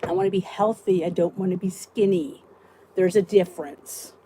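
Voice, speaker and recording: A woman's voice: lowish voice, steady tone, moderate pace, mellow, a little hiss or hum, rough recording. A woman in her fifties hosting a casual live support chat, ranting and talking straight to her viewers, greeting them by name. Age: 50s.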